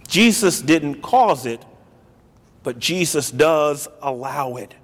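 A high-voiced man preaches at an unhurried pace, his pitch leaping and falling with feeling. He acts out the scripture quotes dramatically, moving from near-whispers to shouts. His voice rings through a large hall with a long echo. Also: lively intonation. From grew up in a city. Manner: dramatic, swings between soft and loud, acts out quotes. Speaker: pastor. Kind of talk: sermon.

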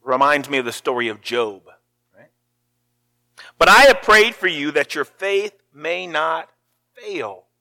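A pastor preaching a sermon, telling the story with feeling and acting out the lines of the people in it. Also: male voice, on the high side, expressive, unhurried, pauses often, bright, forceful tone.

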